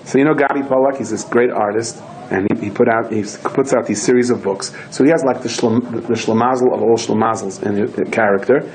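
Animated man telling a lesson story. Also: medium pitch, fairly quick, few pauses, a little hiss or hum, rough recording. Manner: animated storyteller who acts out voices and shouts in quoted lines. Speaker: rabbi. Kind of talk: storytelling Torah lecture.

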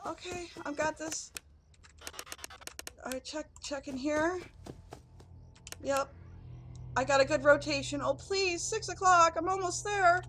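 High-pitched jittery woman swearing at a horror game. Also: slow, long pauses, a bit bright, a little hiss or hum. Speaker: gaming youtuber.

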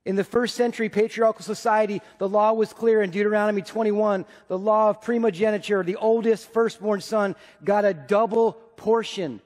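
A man in his forties preaching a sermon as pastor, telling stories and swinging between loud and hushed. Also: high voice, steady tone, moderate pace, hardly any pauses, long reverb tail. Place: church sanctuary.

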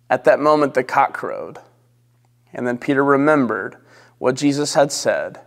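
A male pastor slowly reading scripture and leading prayer in a measured, solemn way. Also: mid-range voice, animated, vocal fry, in a large hall. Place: church sanctuary.

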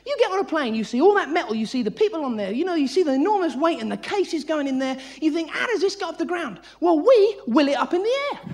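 Manic comic, high and jumpy. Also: male voice, very animated, quick pace, few pauses. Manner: frantic, manic delivery with sudden high yelps. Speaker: stand-up comedian. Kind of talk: live stand-up routine. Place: large theatre stage. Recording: live theatre audio with loud audience laughter.

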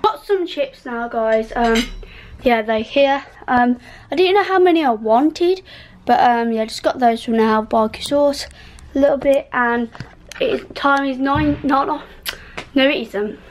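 Female vlogger, UK, casual rambling chat, slightly high pitch, faint noise. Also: unhurried, low-quality recording. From United Kingdom. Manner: rambling, lots of fillers and trailing off. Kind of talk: casual vlog talk. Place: home bedroom, indoors.

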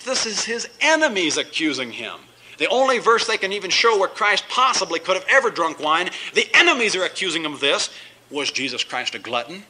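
A man's voice: high voice, big pitch swings, a little fast, pushed and bright, rough recording. A male pastor teaching a verse-by-verse Bible study sermon, reading scripture aloud and then explaining it with emphatic asides.

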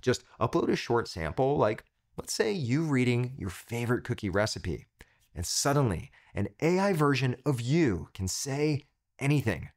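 A man's voice: mid-range voice, very animated, normal speed. A man hosting a tech tutorial, giving an upbeat scripted product review in punchy short phrases.

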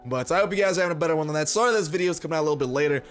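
A hoarse young man hosting a gaming channel, chatting casually and upbeat with sarcastic asides while he plays. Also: on the high side, racing, soft background music. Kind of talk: casual gameplay commentary.

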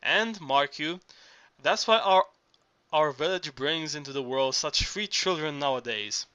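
A bawdy old village verger, read by a man, rambling and halting in a bright, forceful voice. the tone sits fairly high for a man. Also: lively intonation, clear, resonant tone. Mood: sly. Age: older.

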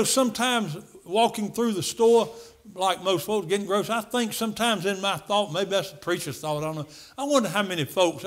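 A man with a notably high voice preaches at a church service. He speaks emphatically and drives his points home by repeating key phrases. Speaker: pastor. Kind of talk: sermon.

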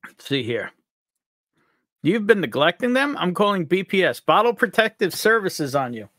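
A man's voice: high voice, sing-song, moderate pace, fairly bright tone, dry recording. A man from upstate New York hosting a live stream, upbeat and jokey as he greets viewers by name. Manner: upbeat, jokey, reads out chat names. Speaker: livestream host.

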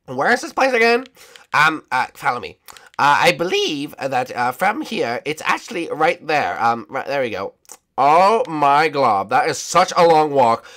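A man's voice: on the high side, big pitch swings, unhurried, a bit bright. A man doing a bumbling lovesick wizard king. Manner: rambling, hesitant, lots of ums. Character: goofy lovesick old wizard king, male. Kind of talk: voicing a character over gameplay.

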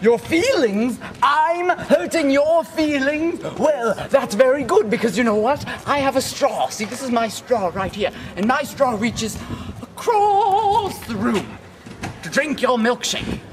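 A young man playing a greedy, contemptuous oil salesman in a student film, pompous and given to furious yelling. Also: extremely high pitch, lively intonation, a little slow, echoey room, crowd noise. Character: greedy, cruel male oil salesman who bicycles. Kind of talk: amateur student film acting. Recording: background music under the voice.

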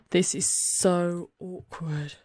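A woman's voice: on the low side, lively intonation, extremely slow, a little mellow, slightly rough. A woman hosting a let's play, chatting through the game and gasping and giggling at the drama. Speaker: gaming channel host. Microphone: desktop USB microphone.

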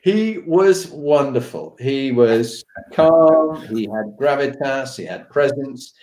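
A middle-aged man, a podcast host being interviewed, telling an anecdote with animated delivery. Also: medium pitch, slow pace. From United Kingdom. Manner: animated, acts out the voices of the people in his stories. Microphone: video call. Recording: roomy echoey room.

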